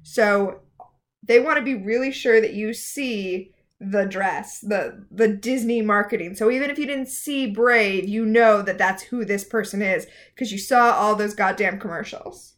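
A woman's voice: medium pitch, unhurried. A woman co-hosting a podcast, recapping a TV episode in casual, sarcastic chat. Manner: sarcastic, animated retelling. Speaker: podcast co-host.

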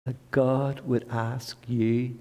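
A man's voice: medium pitch, flat delivery, drawn-out words, warm tone. A male preacher giving a conversational sermon, retelling a gospel story and putting questions to the congregation. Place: church. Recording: long hall reverb.

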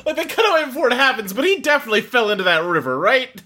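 A man co-hosting a podcast, dropping lively, teasing asides in casual chat. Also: very high-pitched, rapid-fire. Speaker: podcast co-host.

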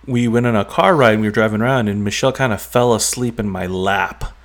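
Rambling low-voiced man telling a story. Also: fast. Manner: rambling, heavy on "like" and "um". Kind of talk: casual chat, recounting a dream.

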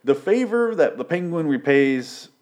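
A man's voice: fairly high pitch, very animated, unhurried, a little mellow. A young man casually recapping TV episodes, swearing often and rambling sarcastically with lots of fillers.

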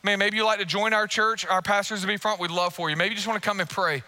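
Bright-voiced, impassioned male preacher. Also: high voice, fairly even intonation, fast talker. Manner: impassioned, emphatic preaching with repeated phrases; acts out quoted prayers and listeners' thoughts. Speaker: pastor. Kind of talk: sermon.

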